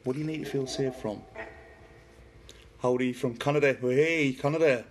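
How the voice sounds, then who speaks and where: A man's voice: medium pitch, moderate pace, background noise. A middle-aged man from Newcastle with a Geordie accent, chatting casually on a paranormal livestream, reading viewer comments and talking to a spirit box. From Newcastle, northeast England.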